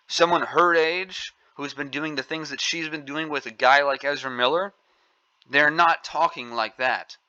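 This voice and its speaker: A man's voice: medium pitch, pushed and bright, no room sound, lo-fi sound. A man hosting an angry opinion commentary, scolding and indignant, repeating his points. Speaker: commentary channel host.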